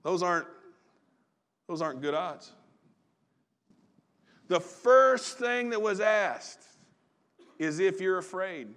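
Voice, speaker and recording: A man preaching a sermon in a relaxed, conversational storytelling way, often restarting his phrases. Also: sits high, takes it slowly, pauses often. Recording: long reverb of a large hall.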